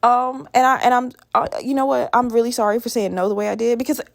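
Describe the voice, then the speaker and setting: A woman's voice: fairly high pitch, steady tone, fast talker, creaky, no echo, studio quality. A young woman in her twenties from Virginia, hosting a podcast alone in a rambling, profane, chatty way. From Virginia, USA. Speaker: podcast host. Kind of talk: casual solo podcast rambling.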